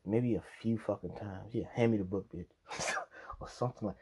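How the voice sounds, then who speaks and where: A man telling stories on a podcast with a lively, bouncing delivery, swearing freely and breaking into laughter. His voice is a little husky and the recording sounds dull and lo-fi. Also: mid-range voice, slow, long pauses. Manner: profane, laughing often, animated storytelling with acted quotes. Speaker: podcast host. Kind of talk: casual storytelling.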